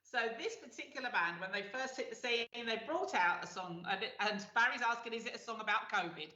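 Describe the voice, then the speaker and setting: A woman's voice: on the high side, expressive, fairly quick, bright, forceful tone. A middle-aged woman hosting a show, chatting casually and laughing often, with lots of fillers. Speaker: radio show host. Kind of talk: casual chat. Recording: echoey, dull lo-fi sound.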